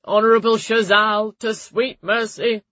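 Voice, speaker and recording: Woman voicing a droning pompous high priest. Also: fairly even intonation, a little slow, fairly bright tone, dry recording, dull audio. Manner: droning, formal.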